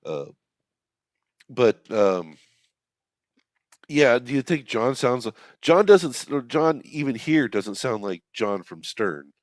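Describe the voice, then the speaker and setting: A man chatting on a podcast in a measured way, with hesitant fillers. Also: medium pitch, big pitch swings, no echo, clean studio sound. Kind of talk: casual podcast banter.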